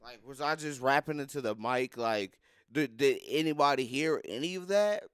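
A young man on a live stream, freestyle rapping and fussing over his audio, cursing and swinging between loud outbursts and low mutters. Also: expressive, normal speed, smooth, no echo, studio quality. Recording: faint music behind voice. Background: beat music playing.

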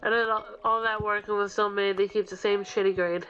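A woman's voice: medium pitch, level tone, fairly quick, a bit bright, dull audio, soft background music. A young woman telling a ranting story while gaming, swearing and acting out what people said. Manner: ranting, swears, acts out quotes. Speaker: gaming vlogger. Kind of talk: casual storytelling over gameplay.

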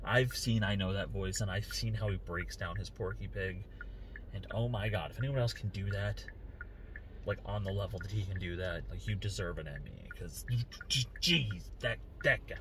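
A man's voice: sits low, moderate pace. A male podcast host rambling through a casual, self-deprecating monologue while driving, often trailing off and restarting. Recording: distant mic with loud road noise.

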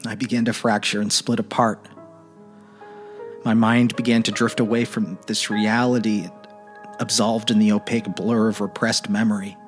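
A man giving a dramatic reading of a troubled teenage boy's letters, in a quiet, earnest, halting way. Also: fairly low pitch, little pitch movement, faint music behind. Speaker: narrator.

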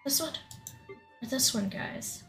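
A woman's voice: slow pace, fairly bright tone, soft background music. A woman streamer chatting casually on a livestream, giggling often and a little out of breath. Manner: giggly, laughs often between words.

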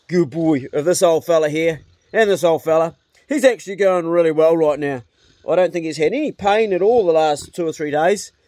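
A man's voice: high-pitched, a little mellow, dry recording. A man with a New Zealand accent chatting casually outdoors for his homesteading vlog and talking fondly to his dog. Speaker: homesteading vlogger. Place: outdoors on a beach.

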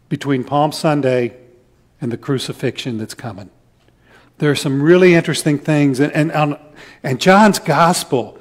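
A man with a Midwestern American accent preaching a sermon as pastor, earnest and emphatic, dropping soft at the ends of his points. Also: fairly high pitch.

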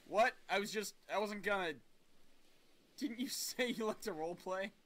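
A young man doing comedic, profane let's play commentary with excitable, silly outbursts. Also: high voice, moderate pace. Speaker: game let's play host. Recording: game music under the voice.

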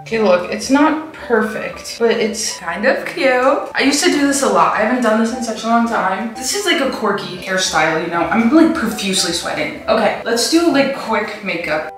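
A woman's voice: fairly high pitch, expressive, normal speed, a bit bright. A woman in her twenties chatting to the camera in a casual home vlog, bubbly and self-mocking, with lots of "like". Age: 20s. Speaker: vlogger. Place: at home, indoors. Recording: roomy sound with music behind. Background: background music.

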